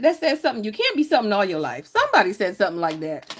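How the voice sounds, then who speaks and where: A chatty woman talks to her live chat while she plans. She teases viewers and laughs easily, and her pitch swings up and down. Her voice sits in an ordinary middle range. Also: sing-song, very fast, a little hiss or hum. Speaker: planner vlogger reading live chat.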